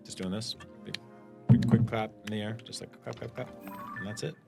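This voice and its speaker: A man's voice: fairly low pitch, steady tone, brisk, vocal fry. A man as a guest on a casual video game session, giving hints hesitantly with many fillers. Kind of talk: casual let's play banter. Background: music.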